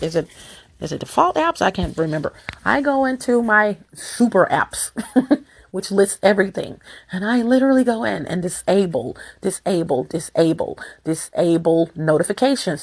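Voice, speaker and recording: A woman vlogs to her viewers in a casual, rambling monologue, speaking emphatically and repeating words in quick bursts. As she goes on, her voice drops lower and turns rough.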